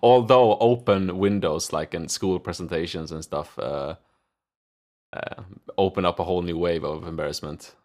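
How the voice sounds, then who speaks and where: A man's voice: low-pitched, moderate pace, a little mellow. A man co-hosting a podcast, chiming in with dry, offhand remarks in casual chat. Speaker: podcast co-host.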